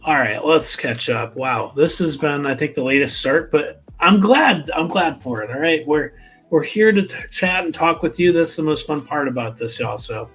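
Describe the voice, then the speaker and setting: Man, fairly high voice, casual chatty host, jokes at himself, faint music behind. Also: normal speed, slightly rough. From United States. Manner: chatty, self-deprecating, lively asides. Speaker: co-host of a fragrance live stream. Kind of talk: casual chat.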